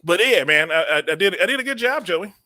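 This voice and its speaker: A man's voice: sits high, lively intonation, fast talker, sharp tone, dry recording, clean studio sound. A man in his late thirties, co-hosting a podcast, who rambles in a casual comedic chat, laughs often and repeats his words. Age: 30s. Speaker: podcast co-host.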